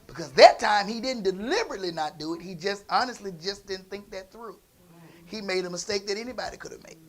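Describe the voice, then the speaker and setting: A man preaching in a church, telling a family story in a conversational way that moves from quiet asides to loud emphasis. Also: sits high, gravelly. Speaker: pastor. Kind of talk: storytelling sermon.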